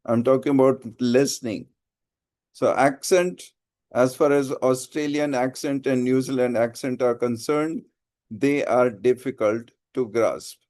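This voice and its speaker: A man's voice: medium pitch, unhurried, a little mellow, dry recording, studio quality. A man teaching a live class, asking his students questions as he goes. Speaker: IELTS teacher.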